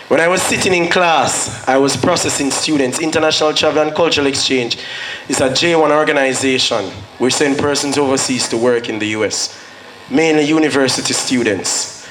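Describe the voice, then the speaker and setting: This Jamaican-accented man speaks brisk and slightly bright in a mid-range voice, giving a motivational address as a graduation guest speaker. His story comes across as earnest, and quoting himself pulls him into patois. Faint noise and echo fill the hall.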